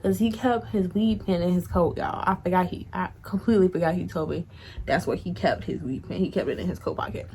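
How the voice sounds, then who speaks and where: A young woman vlogger telling a casual storytime to her viewers, chatty and animated, speaking straight to them. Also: fairly low pitch, fairly quick, slight background noise.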